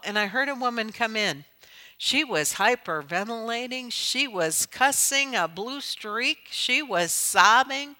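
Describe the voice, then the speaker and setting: A middle-aged woman giving an earnest inspirational talk at a conference, telling stories and building to emphatic high points. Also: pushed and bright, low-quality recording. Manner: storytelling, earnest, swells to emphatic highs. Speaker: conference speaker.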